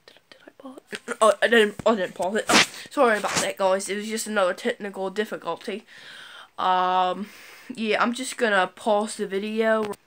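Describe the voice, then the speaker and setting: A woman's voice: mid-range voice, fairly even intonation, moderate pace, noisy background. A woman vlogger in a staged prank video, talking melodramatically with lots of exclamations and fillers. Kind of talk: scripted prank vlog.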